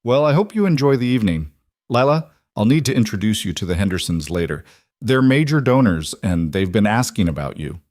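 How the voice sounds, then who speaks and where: A man's voice: lowish voice, very animated, a little fast, darkish tone, no room sound, studio quality. A man voicing a cold, authoritative man in his early sixties who speaks curtly. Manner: cold and curt.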